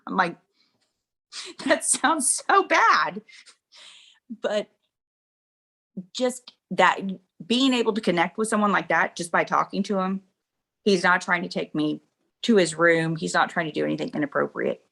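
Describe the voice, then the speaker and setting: Middle-aged woman w/ a gravelly edge, candid storytelling, laughs thru it. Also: lowish voice, fairly even intonation, brisk, a bit bright. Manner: candid, laughs through her stories. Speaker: interview guest. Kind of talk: emotional personal storytelling.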